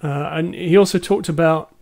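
Hesitant, enthusiastic male podcaster, higher voice. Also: normal speed, darkish tone. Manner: hesitant, many ums, enthusiastic. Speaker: podcast co-host. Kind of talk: casual film discussion.

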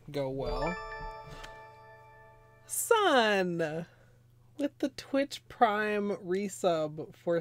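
A woman streaming nail art, chatting casually and ramblingly with viewers while a bit under the weather, clearing her throat now and then. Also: lowish voice, a little mellow, no echo. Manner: rambling, chatty, greets viewers, frequent laughs and fillers. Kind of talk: casual livestream chat.

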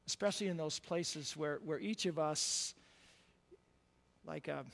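A male pastor preaching a conversational sermon, repeating words and checking in with "right?", moving between quiet and loud emphatic passages. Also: fairly high pitch, measured pace, vocal fry, big-room sound. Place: church sanctuary.

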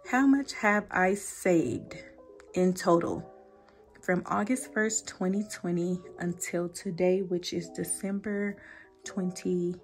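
A woman's voice: lowish voice, slow pace, soft background music. A young woman, a budgeting vlogger chatting to camera, emotional and close to tears, repeating herself. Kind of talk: casual chat to camera.

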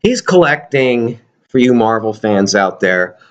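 A man's voice: medium pitch, very animated, a little slow, highs cut off. A man vlogging casually to his viewers about his toy collection, rambling and joking. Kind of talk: casual chat to camera.

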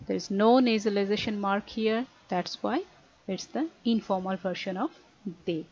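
A young woman, teaching a grammar lesson online with careful explanations and frequent pauses to say uh. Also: medium pitch, a little mellow. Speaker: language teacher. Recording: dry, dull lo-fi recording.

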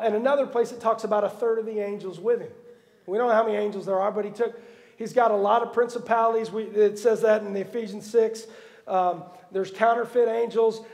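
A man preaching a sermon as pastor, telling Bible stories with humorous asides and a lively storytelling manner. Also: high voice, gravelly, in a large hall. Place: church sanctuary.

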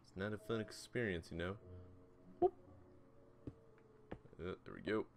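A man hosting a relaxed game video, talking to himself in a casual, rambling way with little hums and asides as he builds, a bit off his desk mic at home. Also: deep voice, quick pace, vocal fry, slight background noise. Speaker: gaming video host. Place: home room beside a TV. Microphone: desk mic, turned away from it.

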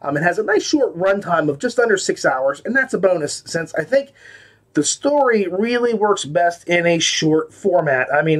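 A man talks through his audiobook reviews in a loose, unscripted way, circling back on himself and padding with fillers. His voice sits a little higher than most men's. It's easygoing podcast chatter rather than polished delivery. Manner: rambling, with many fillers and restarts. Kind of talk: casual spoken review.

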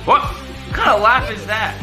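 A young man hosting a reaction video, excitable and exclaiming often, constantly addressing his viewers. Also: extremely high pitch, moderate pace. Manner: excitable, exclaims often, keeps saying "guys". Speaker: reaction channel host. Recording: background music under voice.

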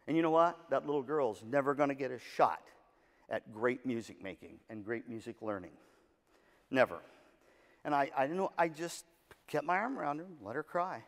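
Long hall reverb surrounds a medium-pitched man speaking at a moderate pace, the keynote speaker at a music educators' session. He motivates music directors with an animated story, acting out the voices in it and joking with the audience.

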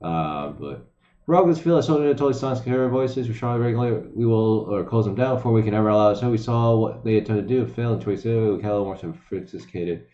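A man's voice: medium pitch, brisk, dark tone. A man streaming from home, reading news aloud and ranting at it with lots of swearing and mumbled asides. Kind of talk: casual profane live-stream commentary. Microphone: desk microphone. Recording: echoey room, slightly dull lo-fi sound.

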